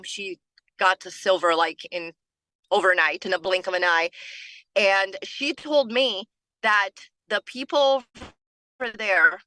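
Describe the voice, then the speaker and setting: A woman's voice: medium pitch, pushed and bright, no echo, low-quality recording. A woman leading a team training call, talking earnestly and repeating phrases for emphasis, tired from lack of sleep. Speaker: team leader. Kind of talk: motivational team training talk.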